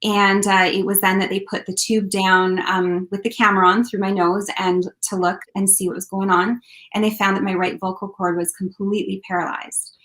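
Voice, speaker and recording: Woman in an interview, earnest and heartfelt, lots of um and uh, mid-pitched voice. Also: level tone, moderate pace, few pauses, fairly bright tone. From Canada. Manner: earnest, heartfelt, many fillers. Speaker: country singer, interview guest. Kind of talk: casual interview storytelling.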